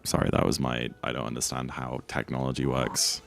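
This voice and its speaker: A man's voice: rumbling low, flat delivery, a little fast, gravelly, hardly any pauses, faint music behind. A man casually chatting and joking with his chat while speedrunning on a livestream. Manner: playful, jokey, reads chat aloud. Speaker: streamer.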